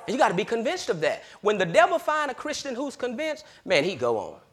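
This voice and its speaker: A man preaching a sermon, swinging between loud hollering and low murmurs and laughing often. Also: huge pitch swings, fairly quick.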